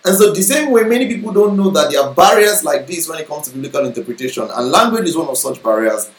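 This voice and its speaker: Male Bible teacher, high-pitched, sermon delivery, echoey room, frequent check-ins with the audience. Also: lively intonation, fast. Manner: explanatory, checks in with listeners often.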